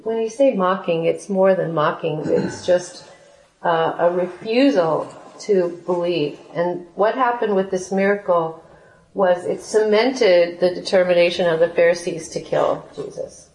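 A woman reading scripture aloud and explaining it in an animated way, laughing often as she teaches. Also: lowish voice, a little slow. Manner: animated, laughs often, acts out quoted voices. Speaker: Bible study teacher. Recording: roomy echo.

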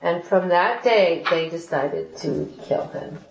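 A woman reading scripture aloud and explaining it in an animated way, laughing often as she teaches. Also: fairly low pitch, slow, creaky. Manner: animated, laughs often, acts out quoted voices. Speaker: Bible study teacher. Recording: roomy echo.

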